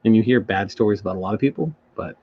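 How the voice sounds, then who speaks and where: A man's voice: lowish voice, racing, slightly rough. A married man co-hosting a casual podcast, telling rambling stories in a laid-back way. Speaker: podcast co-host. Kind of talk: casual chat. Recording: dull lo-fi sound.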